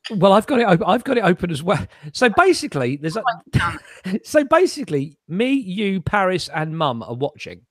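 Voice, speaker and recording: A man's voice: high voice, sing-song, moderate pace, no room sound, studio quality. A man co-hosting a casual live-stream chat, joking, swearing freely and laughing often. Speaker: co-host.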